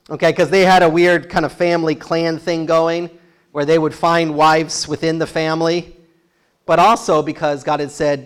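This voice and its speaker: Man, slightly high voice, animated storytelling sermon with chuckles and asides. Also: moderate pace, clear, resonant tone. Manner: lively storytelling with laughs and asides. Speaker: pastor.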